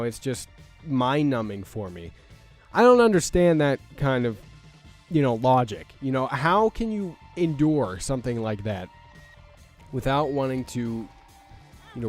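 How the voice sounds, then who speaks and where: A man's voice: medium pitch, darkish tone. A young man hosting a let's play, ranting in a rambling, exasperated way with stammered restarts and frequent swearing. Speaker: gaming channel host. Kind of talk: let's play commentary rant.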